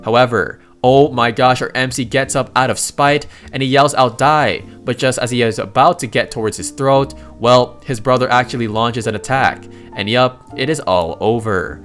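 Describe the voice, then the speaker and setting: Excitable male recap narrator, casual and slangy, soft guitar bed. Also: mid-range voice, moderate pace, hardly any pauses. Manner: excitable, slangy, keeps exclaiming.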